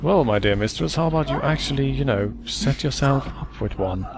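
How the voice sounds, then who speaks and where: A man's voice: mid-range voice, expressive, moderate pace, vocal fry, noisy background. A man giving casual, joking commentary while playing a game, cursing at his minions. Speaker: let's play host.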